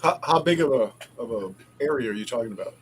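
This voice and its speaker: A man's voice: mid-range voice, expressive, fast, a little hiss or hum. A man chatting on a casual podcast, hesitant and often repeating his words.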